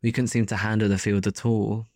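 A man narrating a first-person story as an audiobook in a steady, even delivery. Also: fairly low pitch, brisk, dry recording, studio quality.

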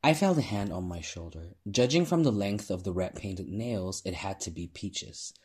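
A man narrates a novel at an even, measured pace. His voice sits low and carries a husky, slightly breathy grain. He shifts his voice to play the characters in the dialogue. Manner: measured storytelling, lifting voice for dialogue. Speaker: audiobook narrator.

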